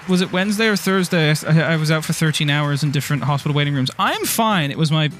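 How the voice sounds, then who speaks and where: A man from Ireland chatting casually on a live game stream, rambling and excitable, swearing often and tripping over his words. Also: on the high side. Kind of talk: casual live-stream chat while playing. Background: faint music.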